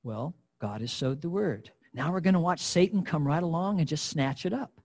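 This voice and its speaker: An earnest male preacher delivers a sermon and speaks straight to his listeners. His voice is husky and sits a little high for a man, and he stresses his points with emphasis. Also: expressive, normal speed, a little mellow.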